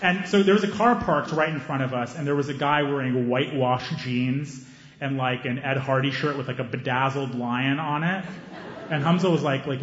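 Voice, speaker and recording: A man performing a stand-up set on stage with a handheld mic, animated and acting out scenes, breaking into high excited yelps. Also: moderate pace, a little hiss or hum. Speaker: stand-up comedian. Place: comedy stage before a live audience. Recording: roomy, slightly dull live recording.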